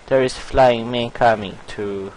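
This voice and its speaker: A young man doing casual let's play commentary, goofy and excitable, often breaking into silly singing and swearing. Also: medium pitch, takes it slowly, a little hiss or hum, rough recording. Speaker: gameplay commentator.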